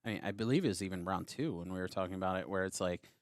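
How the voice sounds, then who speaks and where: Man, low voice, card game analyst, explains plays step by step, dry sound. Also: very fast, dry recording. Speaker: game commentator.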